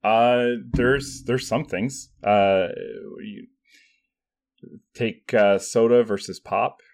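A man's voice: mid-range voice, fairly even intonation, very slow, darkish tone. A man with a Western Canadian accent, chatting easily as a podcast guest and explaining things with a laugh. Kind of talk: casual chat.

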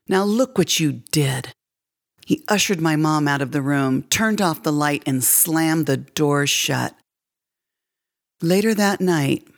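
A woman reads her own short story aloud at a slow, deliberate pace, letting each line land. Her voice sits low and steady, and her delivery is expressive and measured. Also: creaky. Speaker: guest author reading her story. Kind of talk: audiobook-style story reading.

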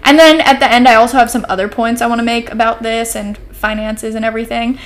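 A woman's voice: on the high side, steady tone, fast talker. Chatty teenage woman, rambling podcast talk. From Oregon, US West Coast. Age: teens, about to turn twenty. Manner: chatty, rambling, heavy use of "like" and "um"; upbeat and caffeinated. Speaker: podcast host. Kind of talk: casual solo podcast chat.

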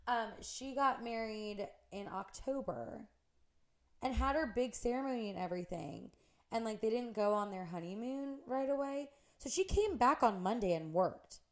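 A woman's voice: fairly high pitch, normal speed. A young woman co-hosting a podcast, chatting casually and telling stories with lots of "like". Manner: animated storytelling, lots of "like". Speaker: podcast co-host. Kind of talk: casual chat.

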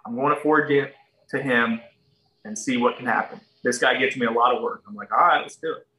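This is a man, a guest swapping stories on a podcast. His voice is bright and forward. He talks in a folksy, animated way and slips into the voices of the people he describes. The room gives a noticeable echo. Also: mid-range voice, fairly quick, recorded from a distance. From Ohio, USA. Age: 30s. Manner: folksy, animated, acts out other people's lines. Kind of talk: casual storytelling.

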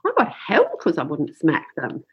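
Older husky woman, dull line. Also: low voice, wildly swooping pitch, normal speed. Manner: warm, advising, matter-of-fact. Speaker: parenting expert guest. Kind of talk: casual chat.

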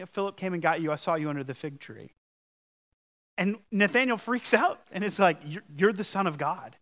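A man's voice: fairly high pitch, fairly bright tone. A man preaching a sermon to his congregation in an earnest, conversational way, building to emphatic peaks. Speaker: pastor.

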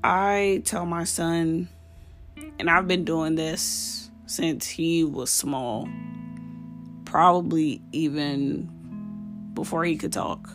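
Slow, gravelly-voiced woman podcaster. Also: sits low, soft background music. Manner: earnest, heartfelt and direct. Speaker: podcast host. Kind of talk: casual parenting advice monologue.

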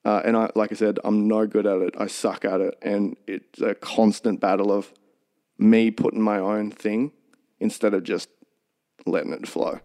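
A man's voice: lowish voice, flat delivery, normal speed, warm tone. A man co-hosting a podcast, talking earnestly in a rambling, casual way with many restarts. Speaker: podcast co-host.

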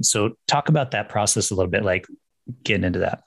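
A male actor hosting an interview podcast, asking questions in a chatty, animated way. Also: fairly low pitch, fast talker.

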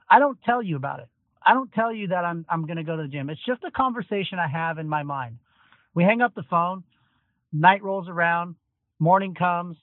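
A man's voice: high voice, normal speed, dry recording. A middle-aged man hosting a solo motivational podcast from a parked car, talking energetically and emphatically. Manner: energetic, emphatic, conversational with frequent "like". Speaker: podcast host. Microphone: phone voice recorder. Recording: tinny phone recording.

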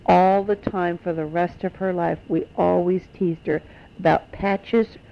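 An older woman telling homespun family stories to children in an animated storytelling manner. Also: on the low side, measured pace, gravelly. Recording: dull lo-fi recording.

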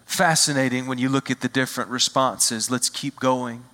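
A man preaching a sermon as a visiting pastor, expressive, acting out quoted lines and slowing down to stress key phrases. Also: mid-range voice, in a large hall.

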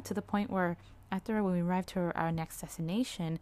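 A young woman with a lowish voice talks to camera in a personal vlog. She speaks candidly and rambles a little, dropping soft laughs and lots of "like"s between her thoughts. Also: steady tone, fairly quick. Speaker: vlogger.

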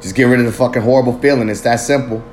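A man rambles through a solo podcast, loose and profane, drifting between jokes and life lessons. His pitch sits mid-range for a man. A faint hiss of background noise lies under the voice. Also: fairly even intonation, very fast, darkish tone. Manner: loose, profane, street slang, rambling reflective. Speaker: podcast host. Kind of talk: casual solo podcast monologue.

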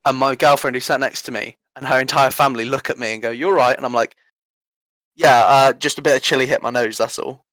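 A man's voice: medium pitch, steady tone, quick pace, few pauses, a bit bright, no room sound, poor audio. An eighteen-year-old man with an English accent telling rambling, self-deprecating stories in a casual podcast chat. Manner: rambling, self-deprecating anecdotes, laughs often. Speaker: guest storyteller.

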